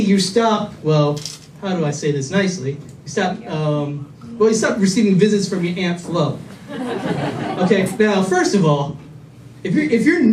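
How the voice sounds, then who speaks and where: A man with a fairly high voice works through a stand-up set, rambling and self-mocking, stumbling over restarts. He is caught from far back in the club, so his voice sounds distant and roomy. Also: darkish tone, slight background noise. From Illinois. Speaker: stand-up comedian. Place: comedy club stage with a laughing audience. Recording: echoey club audio from a distant camera.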